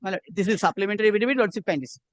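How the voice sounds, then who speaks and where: A man's voice: sits high, racing, no echo. A man arguing a case before a judge, insistent and formal, repeating "my lord" again and again as he points to pages. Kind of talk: courtroom legal argument. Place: courtroom.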